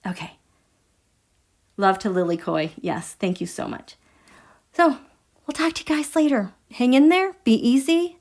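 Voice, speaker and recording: Her voice sits on the high side, and she talks a little slowly, leaving long pauses. As host of a tarot and astrology livestream, she chats casually and emphatically with viewers and reads their comments out. Animated and emphatic, she speaks straight to her audience.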